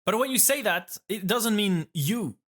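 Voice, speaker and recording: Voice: medium pitch, expressive, measured pace, a bit bright. A speaker from France with a French accent, casually reacting to a video as a vtuber, rambling and restarting phrases while thinking aloud.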